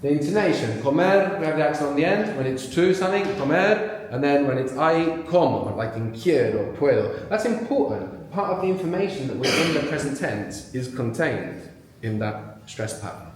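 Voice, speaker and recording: A man's voice: a little high, lively intonation. Man teaching a live class in an echoey room. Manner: prompting, quick explanations with pauses for answers. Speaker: language teacher leading a live workshop. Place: large room with a live audience.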